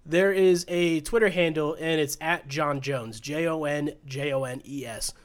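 A man's voice: a little high, fairly even intonation, a little slow. A man co-hosting a sports podcast in casual chat, rambling and restarting sentences, laughing easily. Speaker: podcast co-host.

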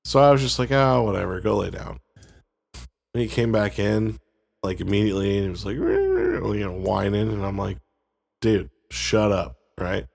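A man's voice: fairly low pitch, steady tone, brisk, vocal fry. A man co-hosting a casual faith chat, telling a rambling, joking story in a laid-back way. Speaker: podcast co-host.

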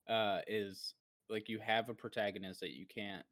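A podcast co-host on a casual gaming show rambles through a story, acting out his own past reactions. His voice is fairly low, with no echo.

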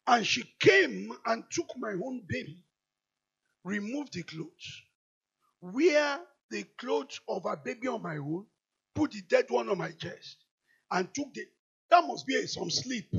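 Nigerian preacher guy, really high raspy voice, gravelly edges, muffled recording. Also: expressive, measured pace. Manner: swings from quiet storytelling to shouted declarations. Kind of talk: sermon. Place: large church hall.

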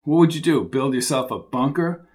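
A man's voice: medium pitch, normal speed, darkish tone, natural voice. A man voicing a level-headed male investigator who talks plainly and in a businesslike way.

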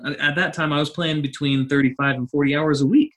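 A man who teaches, a guest in an interview, telling a story in a lively way, laughing often and acting out quotes. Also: fairly high pitch, quick pace.

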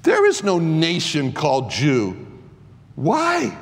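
A man with a high voice gives an impassioned lecture, asking "why?" again and again and tripping over repeated words. His speech rings out with a long hall reverb. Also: animated, unhurried. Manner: rhetorical, repeats "why?", stumbles and restarts.

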